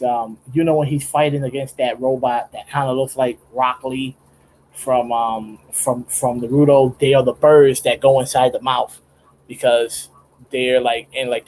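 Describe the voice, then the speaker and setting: Darkish in tone and medium in pitch, this young man's voice carries a little hiss or hum on a low-quality recording. He's a streamer chatting casually on a late-night livestream from his home studio while drawing; he rambles, restarts often, laughs frequently, and talks in slang.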